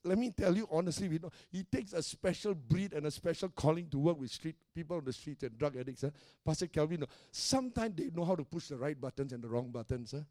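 Preaching a sermon, a middle-aged male pastor uses a high, ringing, expressive yet mellow voice that climbs and drops for emphasis. He's emphatic, punctuating his delivery with quick call-and-response tags to the congregation, and the recording is close and dry with barely any echo.

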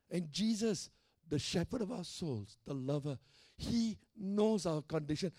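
A middle-aged male pastor preaching with a high, ringing voice that rises and drops for emphasis. His delivery is emphatic, punctuated by quick checks with the congregation, and the sound is dry and close with almost no room echo. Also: expressive, dark tone. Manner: emphatic preaching with call-and-response tags. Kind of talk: sermon.

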